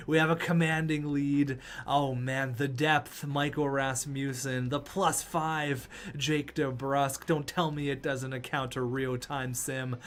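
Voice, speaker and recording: Young man hyping a hockey game. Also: on the high side. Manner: hype, shouting at players, play-by-play. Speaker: gaming video creator. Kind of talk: excited hockey game commentary.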